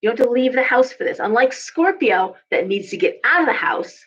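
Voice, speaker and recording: A woman's voice: fairly high pitch, animated, brisk, a bit bright. Chatty woman reading tarot, lo-fi. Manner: chatty, repeats words, coaching tone. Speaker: tarot reader. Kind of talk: casual live tarot reading.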